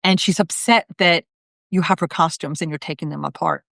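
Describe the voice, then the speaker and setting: A woman's voice: sits low, fairly quick, creaky, fairly bright tone, dry recording, clean studio sound. A middle-aged woman, a psychic medium hosting a live video, telling a story in a chatty way with many fillers and quoted voices. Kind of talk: casual storytelling on a live stream.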